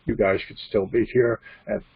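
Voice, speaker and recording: A man teaching as a spiritual medium, halting and repeating himself, on a dull, dry computer recording. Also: fairly low pitch, flat delivery, creaky, slightly rough, no room sound. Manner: halting, repeats and restarts phrases. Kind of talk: teaching talk. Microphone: computer mic.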